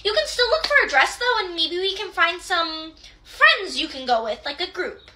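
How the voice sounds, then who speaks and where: A condescending teenage mean girl drips fake sweetness , played by a young woman. The voice sits very high with a bright, sharp edge. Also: big pitch swings, normal speed, exaggerated voice. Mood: fake-sweet. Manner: snide, fake-sweet, dismissive. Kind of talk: comedy sketch acting.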